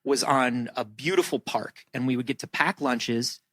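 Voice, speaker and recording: A man's voice: mid-range voice, moderate pace, fairly bright tone, no echo. A man from Florida co-hosting a comedy podcast, joking around and slipping into silly voices. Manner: jokey, breaks into silly character voices. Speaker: podcast co-host. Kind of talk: casual comedic chat.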